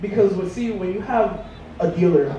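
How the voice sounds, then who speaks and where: A young man does stand-up, rambling through a self-mocking story in a high, animated voice that swings around yet sounds mellow, at normal speed. He is captured from a distance in a very echoey room, with dull audio and background noise.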